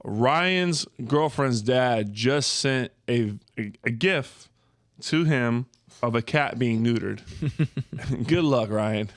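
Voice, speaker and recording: A young man hosting a casual podcast chat with his brothers, telling a family story with lively, shouted impressions. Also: medium pitch, slow, dry recording. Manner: animated storyteller, jumps to screaming impressions. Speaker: podcast host.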